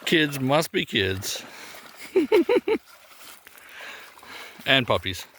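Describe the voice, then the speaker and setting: Man, outdoor vlog, bright tone, faint background noise, easygoing rambling. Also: mid-range voice, measured pace. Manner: relaxed rambling with fillers. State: out of breath in deep snow. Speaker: vlogger. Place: outdoors in snowy bush.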